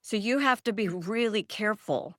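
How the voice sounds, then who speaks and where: A woman's voice: medium pitch, normal speed, fairly bright tone, no echo, studio quality. A woman author in a casual interview, telling stories in a rambling way and laughing often. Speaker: author guest.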